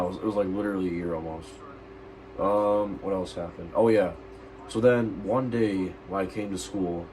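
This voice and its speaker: A teenage guy whose voice sits low for his age, venting on a stream. He rambles, restarts his sentences and swears heavily as his anger builds. A faint hiss runs under the voice. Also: darkish tone, poor audio. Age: teens. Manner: agitated and profane, rambling with restarts. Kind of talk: angry personal rant.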